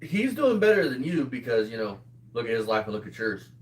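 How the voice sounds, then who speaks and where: A man's voice: mid-range voice, sing-song, a little fast. A man in his twenties co-hosting a commentary show, mocking and swearing in casual banter. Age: 20s. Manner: mocking, foul-mouthed, breaks into laughter. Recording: echoey room, far from the mic.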